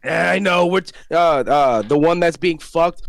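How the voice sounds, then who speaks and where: A man's voice: on the high side, normal speed, vocal fry, no echo. A man running a tabletop game as dungeon master, loose and laughing, swearing casually.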